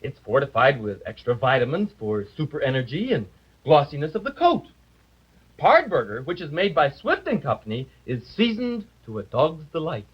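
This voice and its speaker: A man's voice: a little high, big pitch swings, moderate pace, husky. A man voicing a good-natured, boastful male dragon puppet in a 1950s live TV puppet comedy, talking in chuckling salesman patter. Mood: chatty salesman. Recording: dull lo-fi 1950s TV audio.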